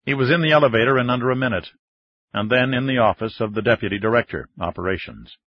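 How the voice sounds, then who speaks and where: A man narrating an audiobook in a measured, even reading, recorded close in a studio. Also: mid-range voice, no room sound. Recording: dull, dry studio reading.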